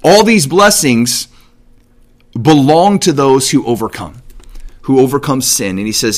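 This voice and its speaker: A man giving a casual Bible teaching, paraphrasing God's words in everyday speech with lively emphasis. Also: mid-range voice, a little slow, long pauses.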